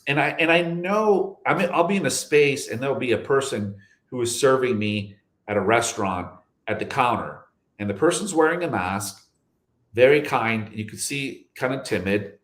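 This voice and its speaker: A man's voice: medium pitch, animated, normal speed, a bit bright, reverberant. A man talking in an interview as a guest, emphatic, repeating phrases and asking rhetorical questions. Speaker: guest, security chief and health advocate. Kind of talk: reflective interview talk.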